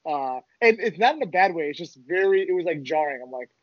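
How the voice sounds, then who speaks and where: A man's voice: on the high side, lively intonation, a little fast. A man, a podcast guest, talking in easygoing casual chat and laughing along with the host. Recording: dull, dry sound.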